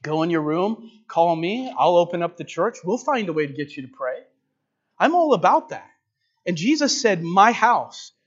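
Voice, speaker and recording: A man's voice: on the high side, big pitch swings, moderate pace, husky, muffled recording. A man preaching a sermon, earnest and direct, building to emphatic repeated phrases. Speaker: pastor.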